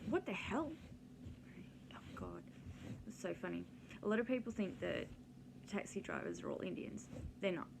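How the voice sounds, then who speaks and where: A woman chats casually for her vlog, drifting from one story to the next. Her voice sits a little low, with a gravelly fry, and she takes her time. A steady hiss of noise runs under the recording. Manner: rambling, digressive, with many ums. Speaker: vlogger. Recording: noisy background hiss.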